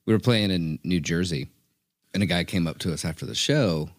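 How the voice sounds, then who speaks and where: Low-voiced man, dry close sound. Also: brisk, dry recording. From Southern US. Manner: animated storyteller, jumps up in pitch when quoting people. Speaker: podcast guest or co-host. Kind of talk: casual podcast chat.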